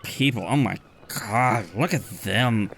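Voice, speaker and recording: A man's voice: mid-range voice, creaky, fairly bright tone, slight background noise. Guy putting on a snooty triton sailor, sneering and whiny, dragging every word. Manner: whiny, drawn-out valley-style mockery.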